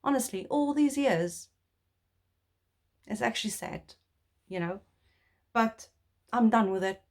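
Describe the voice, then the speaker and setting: A woman's voice: a little high, expressive, takes it slowly, a little mellow. A young woman from South Africa talking earnestly and from the heart to camera in a personal vlog, rambling with restarts. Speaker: vlogger.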